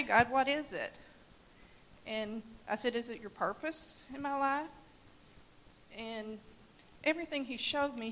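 A woman giving a personal testimony at a church service, telling her story in an animated way and laughing at times. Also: a little high, poor audio. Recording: faint hiss.

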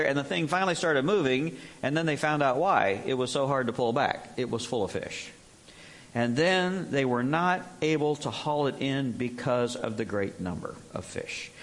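A man's voice: on the high side, a bit bright. A male preacher giving a conversational Bible teaching and telling the story with animation, acting out the quotes.

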